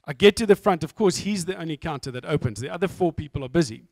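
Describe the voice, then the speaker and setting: A man's voice: on the high side, brisk, no echo, studio quality. A middle-aged man from South Africa with a South African accent, giving a candid, self-mocking testimony talk as a guest speaker.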